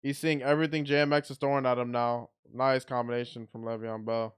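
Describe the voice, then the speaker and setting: A man calls a boxing match live as he watches it, giving excitable, blunt play-by-play. His voice is smooth and clear at a middle pitch, and he often restarts his sentences. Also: a little fast. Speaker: watch party commentator. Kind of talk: live fight commentary.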